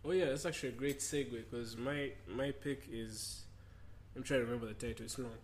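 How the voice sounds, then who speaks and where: Animated rambling man telling a story. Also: mid-range voice, brisk, a little hiss or hum. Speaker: podcast co-host. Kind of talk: casual chat.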